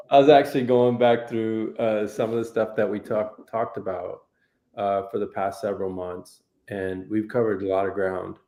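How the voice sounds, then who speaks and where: A man's voice: lowish voice, mellow. A man hosting a casual livestream chat, easygoing and rambling, with a lot of fillers. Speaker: host. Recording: echoey room.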